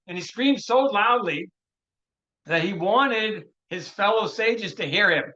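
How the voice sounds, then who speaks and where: A male rabbi with a high, bright voice retells a Talmudic story in an animated lecture. He restarts his phrases often and drops in Hebrew terms as he goes. The recording sounds dull and lo-fi. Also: a little slow. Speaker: rabbi teaching a workshop.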